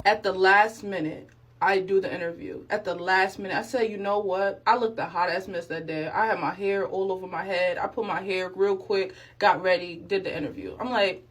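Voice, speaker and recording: A woman's voice: mid-range voice, brisk. A young woman speaking casually to her viewers about her faith, acting out her own reactions and the voices of others as she tells her story. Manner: animated, acts out her own reactions and quotes. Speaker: vlogger.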